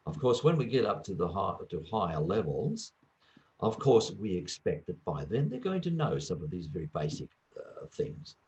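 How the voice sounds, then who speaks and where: A man who works as an English teacher and former examiner, talking through teaching advice in a relaxed interview and acting out little classroom exchanges. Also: low voice, normal speed, highs cut off, slight background noise. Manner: lively, acts out little classroom dialogues. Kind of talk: conversational interview.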